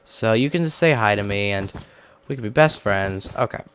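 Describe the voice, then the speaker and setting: A gaming video host with a lowish, expressive, fairly bright voice chats at normal speed while playing a building game. He rambles casually, packing his talk with "like," and there's a little hiss or hum in the audio.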